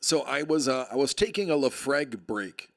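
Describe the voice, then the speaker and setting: Man, livestream host, casual rambling chat, joking, gravelly, mid-pitched. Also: expressive, moderate pace, fairly bright tone. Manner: rambling, joking, chatting with viewers. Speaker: card break livestream host.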